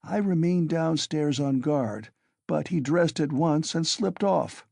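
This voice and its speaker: A tipsy, loyal young man who blusters and presses his point, voiced by a man in an audiobook. He speaks louder and higher than the narrator's own voice. The recording is dry and close. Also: slow pace, vocal fry, no echo, exaggerated voice. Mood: urgent. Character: tipsy, loud, loyal young male friend.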